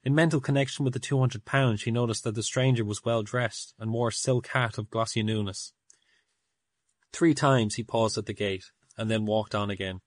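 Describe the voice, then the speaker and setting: Low-voiced male storyteller. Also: moderate pace, no room sound, studio quality. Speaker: narrator. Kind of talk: audiobook story narration.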